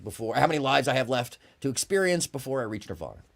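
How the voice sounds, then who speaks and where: A man's voice: medium pitch, very animated, quick pace, creaky. A man voicing a starving, anxious male ascetic who pleads for answers.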